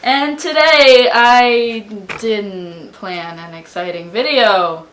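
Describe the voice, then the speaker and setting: A young woman hosting her own channel, chatting casually and rambling with a friend at home, breaking into loud laughs. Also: on the high side, slow pace, a little hiss or hum. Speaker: channel host. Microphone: camera on tripod.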